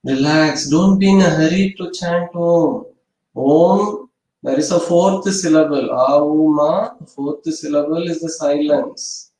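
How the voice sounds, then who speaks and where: A man guiding a yoga class in calm, gentle, step-by-step instructions. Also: on the high side, takes it slowly. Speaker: yoga teacher. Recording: echoey room from far off.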